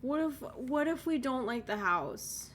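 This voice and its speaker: A woman's voice: sits high, animated, measured pace, slight background noise. A woman giving casual gameplay commentary, chatty and thinking aloud, with sudden exasperated outbursts. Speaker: let's play gamer.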